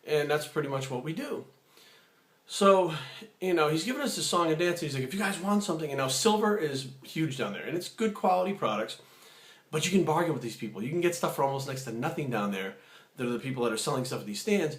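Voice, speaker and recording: A man telling a story in a casual vlog, animated, acting out other people's lines. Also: on the high side, fast. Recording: echoey room.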